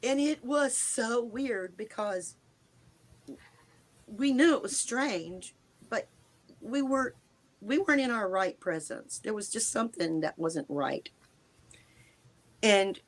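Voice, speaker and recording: An older American woman tells her own story as an interview guest. She speaks in a halting, earnest way, restarting sentences and rushing or slowing as she goes. Her mouth is dry, and it catches on her words. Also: mid-range voice. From United States. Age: 60s. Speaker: guest recounting a personal encounter. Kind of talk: emotional first-person storytelling.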